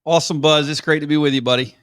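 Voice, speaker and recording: A man's voice: fairly high pitch, fairly even intonation, racing, fairly bright tone, clear, resonant tone. A man from Alabama with a Southern accent, a podcast guest who tells stories in a friendly, playful way. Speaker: guest, financial advisor. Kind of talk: casual interview chat.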